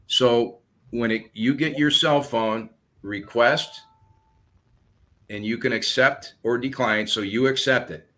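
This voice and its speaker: Real estate agent guest, a man at middle pitch who tells his methods as stories and acts out his calls. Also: takes it slowly. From southern United States. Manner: animated storyteller acting out phone calls. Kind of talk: explaining sales methods in a podcast talk.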